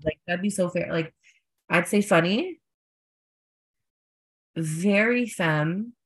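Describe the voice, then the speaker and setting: A young man, a drag performer, telling stories in a casual interview, full of fillers and animated quoted voices. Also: high-pitched, slow, husky.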